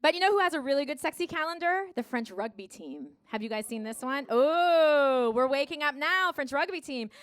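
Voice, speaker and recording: American woman, stand-up comedian, high voice, animated, acts out dialogue. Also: moderate pace, hardly any pauses. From United States. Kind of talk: live stand-up set. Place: theater stage before a laughing audience.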